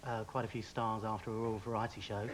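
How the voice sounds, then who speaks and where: Quick-speaking modest male contestant. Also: fairly low pitch, little pitch movement, a little hiss or hum. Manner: modest, brief replies. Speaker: talent show contestant and musician. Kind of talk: interview answers on stage. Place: TV studio stage.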